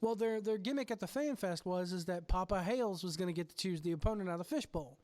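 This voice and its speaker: A man's voice: sits high, quick pace, darkish tone. A man hosting a podcast, telling a story with lots of swearing. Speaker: podcast host. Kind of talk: casual chat.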